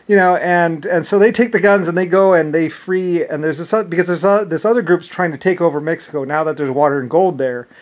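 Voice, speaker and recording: A man's voice: brisk, hardly any pauses. Rambling man telling a long story. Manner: rambling, repeats "anyway" and restarts often; swings between loud animated bursts and low mumbled asides. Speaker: storyteller recounting an imagined past life. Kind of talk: rambling casual monologue.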